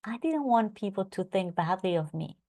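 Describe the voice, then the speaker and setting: Woman coach, live webinar host, animated delivery, calls out chat names. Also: medium pitch, moderate pace. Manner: animated, acts out her own past thoughts; reads out attendee names from chat. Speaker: online course coach.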